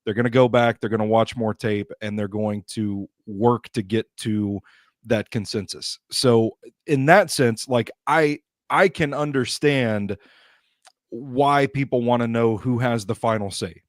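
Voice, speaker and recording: Measured male sports co-host, dry sound. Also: medium pitch, no room sound. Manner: measured, conversational analysis. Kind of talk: casual sports talk.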